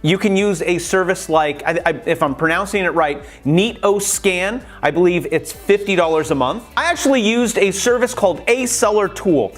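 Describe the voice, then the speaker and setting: A man talking casually in a how-to vlog, chatty and animated, acting out little conversations as he gives tips. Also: high voice, moderate pace, hardly any pauses, soft background music. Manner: chatty and animated, acts out quoted exchanges. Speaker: YouTube creator.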